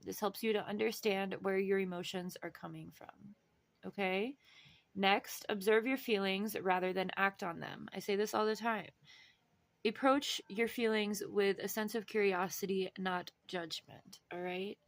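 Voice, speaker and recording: A woman's voice: medium pitch, steady tone, a little slow, dry recording. A woman hosting a casual spiritual show on chakras, reading from a book and often checking in with her listeners. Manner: chatty, encouraging, checks in with "all right?".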